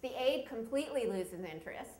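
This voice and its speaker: A woman's voice: on the high side, expressive, fairly quick, darkish tone. A woman performing a self-deprecating, humorous personal story at a live story slam on a stage microphone. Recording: roomy live venue.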